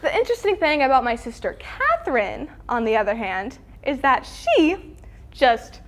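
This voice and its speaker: Teen girl doing a stand-up bit, high voice, really animated, does little voices for her family. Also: normal speed. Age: teens. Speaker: student comedian. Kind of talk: stand-up routine.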